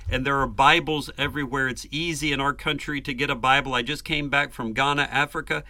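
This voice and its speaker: A man's voice: medium pitch, pushed and bright, no echo. A man preaching a sermon, earnest and emphatic, building lists and rhetorical questions.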